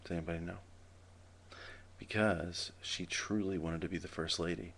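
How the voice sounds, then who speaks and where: A man telling jokes to his camera in a casual, dry, deadpan way. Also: low voice, moderate pace, vocal fry, slight background noise. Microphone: camera mic.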